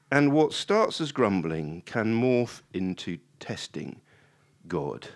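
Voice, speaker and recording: A man preaching a sermon in a conversational way, acting out prayers with rising emphasis. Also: slow pace. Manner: animated, rising high when acting out prayers; conversational with restarts and asides.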